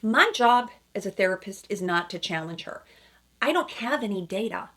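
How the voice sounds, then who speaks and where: Speaking at a normal speed in an animated, slightly bright mid-range voice, this woman is a couples therapist offering emphatic reactions. Quoted lines get performed in different voices, and she keeps checking in with "okay?" and "right?"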